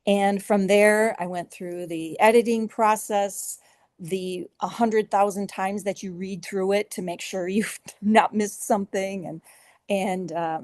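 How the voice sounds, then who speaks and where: A woman's voice: mid-range voice, no room sound. A middle-aged woman, an author being interviewed, telling her story earnestly and with feeling. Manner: earnest, emotional, with soft laughs and filler restarts. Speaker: author guest.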